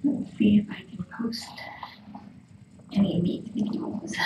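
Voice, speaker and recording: A cat rescuer streaming live from a room with kittens speaks in a steady, mid-range voice, a little slowly and with frequent pauses. She chats casually and coos to the kittens in soft, often whispered baby talk, heard from far off in an echoey room with faint background noise.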